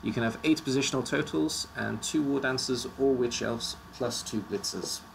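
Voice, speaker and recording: A man's voice: mid-range voice, normal speed, gravelly, a little hiss or hum. A man casually presenting teams on a live stream, his voice slightly worn out, joking and stumbling over odd names.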